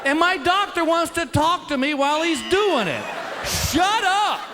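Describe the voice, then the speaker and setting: A middle-aged man doing stand-up, his voice riding high and swinging widely as he acts out voices and shouts punchlines. It is a live stage recording, with a crowd laughing and plenty of noise behind him. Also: expressive, normal speed. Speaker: stand-up comedian. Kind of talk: stand-up comedy routine. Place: stage before a live audience. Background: audience laughter.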